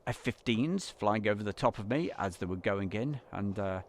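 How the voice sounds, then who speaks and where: A man's voice: fairly low pitch, expressive, moderate pace, a little hiss or hum. Chatty man hosting a live stream. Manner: chatty, reading out viewer names and greetings. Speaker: livestream host. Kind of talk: live stream chat, greeting viewers. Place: inside an editing van.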